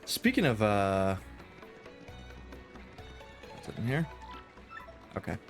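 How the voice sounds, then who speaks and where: Here the man's pitch is fairly low and his delivery slow but very animated, with soft music playing behind him. He's in a home room with VR gear, chatting casually about the game he's streaming in a rambling, self-deprecating way with the occasional curse.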